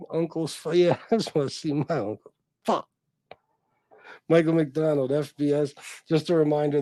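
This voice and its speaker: A man chats loosely on his livestream, cursing freely and wandering between stories. His voice sits a little high for a man, and the sound is dry and close, with no room around it. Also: no echo. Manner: profane, rambling, animated reactions. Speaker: livestream host. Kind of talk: casual livestream chat reading comments.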